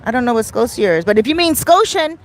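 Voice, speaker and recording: A woman's voice: on the high side, big pitch swings, fast. A middle-aged Canadian woman with a Canadian accent, chatting casually on a beach livestream and reading viewer comments aloud. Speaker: vlogger. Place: outdoors on a beach. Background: faint outdoor street noise.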